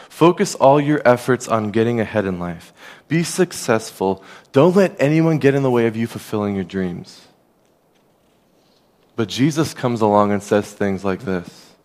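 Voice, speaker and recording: Earnest male pastor preaching. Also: fairly low pitch. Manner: earnest, conversational preaching, drops softer on key phrases. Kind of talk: sermon.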